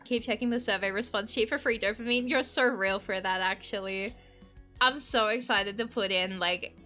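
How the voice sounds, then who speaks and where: A woman's voice: mid-range voice, sharp tone. A young woman streaming a game, gushing and rambling with many filler words as she comments and reads aloud.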